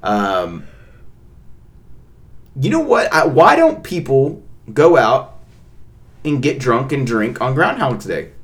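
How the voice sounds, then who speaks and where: A young man co-hosting a casual podcast with his partner, ranting playfully and getting loudly worked up. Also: mid-range voice, takes it slowly, long pauses. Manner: playful ranting, animated outbursts. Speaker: podcast co-host. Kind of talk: casual chat.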